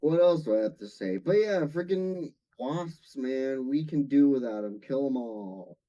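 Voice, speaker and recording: A man's voice: medium pitch, expressive, a little slow, mellow, lo-fi sound. A man chatting offhandedly on a stream, joking around. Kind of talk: casual chat on a live stream.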